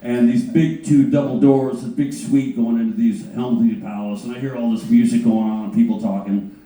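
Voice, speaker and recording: A man, a guitarist on a panel, telling an animated, profane anecdote with halting restarts. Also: medium pitch. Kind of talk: anecdote storytelling. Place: panel on a cruise ship. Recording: distant mic, very echoey room.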